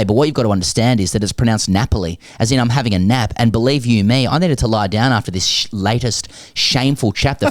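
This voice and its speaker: A man's voice: lowish voice, no room sound, clean studio sound. Wry Australian man reading emails. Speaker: podcast co-host. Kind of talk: reading listener emails aloud.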